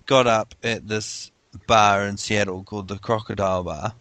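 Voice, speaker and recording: A man's voice: on the low side, fairly even intonation, fairly bright tone, no room sound. A man telling a long casual anecdote, acting out the quotes as he goes. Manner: drawn-out storyteller who acts out quotes.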